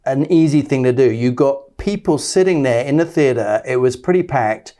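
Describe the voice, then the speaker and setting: A man's voice: medium pitch, normal speed, warm tone. A man hosting a casual interview. He eagerly chimes in with constant short affirmations and praise. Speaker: host.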